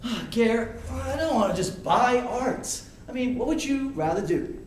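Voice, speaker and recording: A man's voice: extremely high pitch, a little slow, slight background noise. An actor playing a frustrated, earnest male TV actor in a live stage play, talking in an exasperated way. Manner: exasperated, lively storytelling. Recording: echoey stage from far off.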